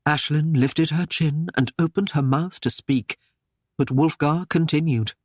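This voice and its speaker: Slow, measured male audiobook narrator. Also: a little high, a little mellow, no echo, clean studio sound. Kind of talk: scripted narration.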